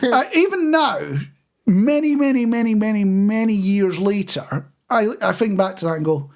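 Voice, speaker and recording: A man's voice: sits high, moderate pace, darkish tone. Chatty man, storytelling podcast host. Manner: chatty storyteller, frequent restarts and chuckles. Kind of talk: casual chat.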